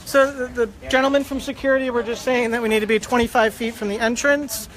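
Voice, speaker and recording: A woman calmly telling a rally crowd outdoors what security asked, in a measured tone. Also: a little high. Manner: measured, matter-of-fact. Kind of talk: making an announcement to a crowd. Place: outdoors by a building entrance.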